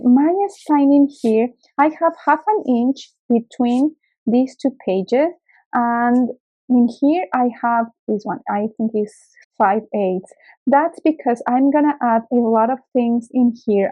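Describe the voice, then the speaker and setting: A woman hosting a craft tutorial, explaining each step slowly and carefully with small fillers, an English speaker. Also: a little high, lo-fi sound.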